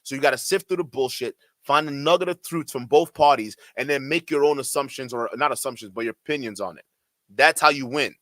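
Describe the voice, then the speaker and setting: Heated ranting man, bright tense voice. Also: on the high side, no room sound, studio quality. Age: adult. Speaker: streamer host. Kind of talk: livestream commentary.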